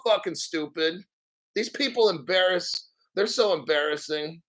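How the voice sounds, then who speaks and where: A man's voice: sits high, unhurried, fairly bright tone, rough recording. A man hosting a crypto livestream, ranting bluntly and with profanity while reading viewer comments aloud. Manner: mocks others in exaggerated put-on voices. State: a little out of breath. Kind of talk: casual livestream rant.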